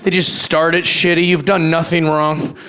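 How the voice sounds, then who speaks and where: A man doing a stand-up routine, mocking and profane, with animated rants. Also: on the high side, moderate pace. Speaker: stand-up comedian. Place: comedy club stage with live audience. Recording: live club recording with loud audience laughter.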